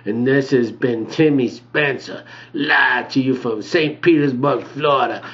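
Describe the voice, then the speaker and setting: A man's voice: mid-range voice, a little slow, creaky, a bit bright. A man telling a rambling comic story, bragging and calling himself by name. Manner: brags, calls himself by name in third person. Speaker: comedic character monologuist. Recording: dull lo-fi video recording.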